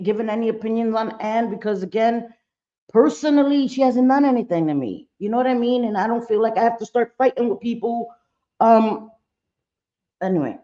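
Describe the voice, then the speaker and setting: A woman's voice: a little high, mellow, highs cut off. A middle-aged woman hosting a casual livestream, chatting bluntly with viewers, cursing freely and often trailing off mid-thought. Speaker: livestream host.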